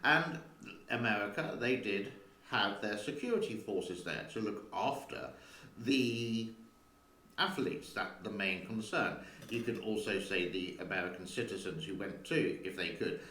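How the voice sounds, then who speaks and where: A man's voice: on the low side, unhurried, pushed and bright, echoey room. A man hosting a casual vlog from his home studio, chatting in a rambling way and talking to his cat between points. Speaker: channel host.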